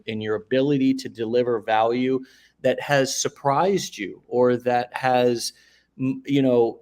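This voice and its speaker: A man hosting a live interview show, talking effusively and rambling through long questions. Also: mid-range voice. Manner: effusive, rambling, many restarts and fillers. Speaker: host.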